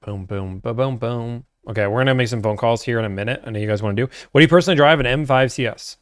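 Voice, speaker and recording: A young man chats casually on a livestream, answering viewers' questions one after another. His voice sits at an ordinary middle pitch, and the sound is dry and close with no room echo. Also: rapid-fire, a bit bright. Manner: laid-back, chatty, answers chat questions. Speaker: livestream host answering chat.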